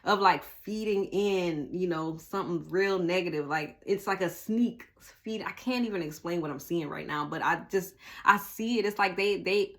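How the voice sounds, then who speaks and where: Woman, young adult, somewhat low voice, tarot reading, animated, blunt, swears, talks to the viewer. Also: moderate pace. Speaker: tarot reader.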